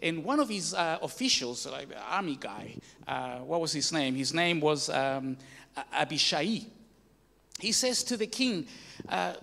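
A man's voice: on the high side, lively intonation, unhurried, vocal fry, fairly bright tone, big-room sound. Man preaching with many fillers. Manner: storytelling with many fillers and restarts, rising emphatic peaks. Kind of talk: sermon.

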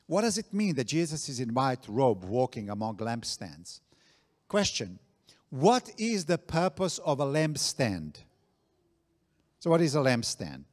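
Slow, deliberate preacher in an echoing hall. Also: male voice, fairly high pitch, darkish tone. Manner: slow, deliberate, repeats phrases for emphasis. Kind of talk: sermon. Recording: long reverb of a large hall.

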